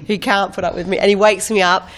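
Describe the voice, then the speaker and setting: An Australian actress in her thirties chatting as an interview guest, animated and quick with impressions, still getting over a head cold. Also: medium pitch. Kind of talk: casual chat.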